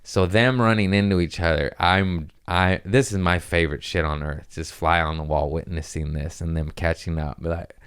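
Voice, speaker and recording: A man's voice: deep voice, steady tone, normal speed, hardly any pauses, fairly bright tone, smooth. A young man hosting a podcast, telling a rambling, profane story and laughing at his own jokes. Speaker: podcast host. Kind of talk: casual storytelling monologue.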